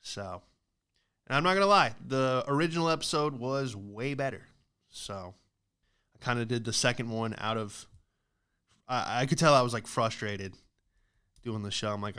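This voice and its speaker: A man's voice: medium pitch, moderate pace, a bit bright, clean tone. A young man hosting his own show, rambling through self-deprecating comic stories and acting out the people in them. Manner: rambling, self-deprecating, acts out quoted voices. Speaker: podcast host. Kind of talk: comedic storytelling monologue.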